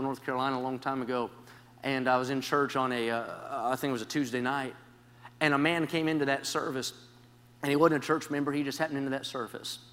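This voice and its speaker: A man preaching a revival sermon in a church, telling stories with great passion and swinging from hushed tones up to shouts, often leaning on "can I say.". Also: medium pitch. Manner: impassioned storytelling, swings from quiet to shouting; repeats "can I say" as a preaching cue. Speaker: traveling preacher. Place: church sanctuary. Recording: long reverb of a large church.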